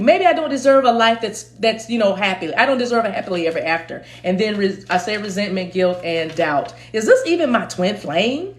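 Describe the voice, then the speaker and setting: Animated woman chanting in tongues, roomy echo. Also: fairly high pitch. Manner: breaks into chanted tongues, calls listeners "baby"; animated, rhythmic, preacher-like delivery. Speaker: spiritual reader and channel host. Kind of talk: live-streamed spiritual reading.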